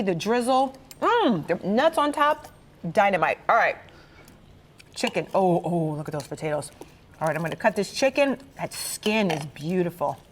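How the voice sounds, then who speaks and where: A woman hosts a cooking show with bubbly, exclamatory enthusiasm, gushing over each bite. Her voice sits in a middle pitch. A faint hiss of noise runs underneath. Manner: gushing, exclamatory, tasting and reacting.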